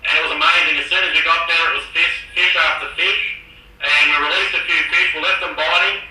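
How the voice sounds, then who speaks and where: A man's voice: on the high side, fairly even intonation, a little fast, bright, forceful tone, distant mic. A man with an Australian accent phoning in an enthusiastic, rambling fishing report. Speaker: caller giving a fishing report. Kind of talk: phone-in report. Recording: tinny echoey phone line.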